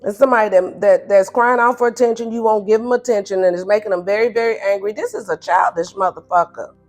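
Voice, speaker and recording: A woman giving a casual tarot reading, animated and blunt, who laughs often and acts out the listener's replies in playful higher tones. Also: quick pace. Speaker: tarot reader. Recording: faint music behind.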